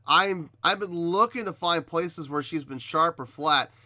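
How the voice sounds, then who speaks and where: A man hosting a reaction video, giving measured critique in casual talk, often pausing with ums and restarting his sentences. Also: a little high, pushed and bright, dry recording. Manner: hesitant, many ums and restarts. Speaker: reaction video host reviewing a singer. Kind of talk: casual spoken commentary.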